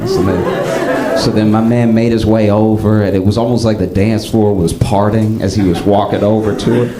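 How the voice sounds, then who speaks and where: A male stand-up comedian telling stories with animated swings up into excited bits, on a comedy club stage. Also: reverberant, slight background noise, poor audio. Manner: animated storytelling, jumps up high into excited bits.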